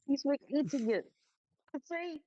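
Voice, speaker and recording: A woman's voice: mid-range voice, lively intonation, normal speed, no room sound, lo-fi sound. A woman on a voice call with a streamer, bantering and teasing in a playful way. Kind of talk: casual voice chat banter.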